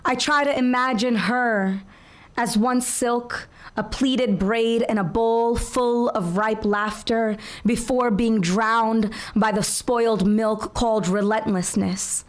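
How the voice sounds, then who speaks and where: A woman in her twenties performing spoken word poetry at an open mic, with a slow, measured, rhythmic delivery. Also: a little high, fairly even intonation. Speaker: featured poet. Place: open mic venue with audience.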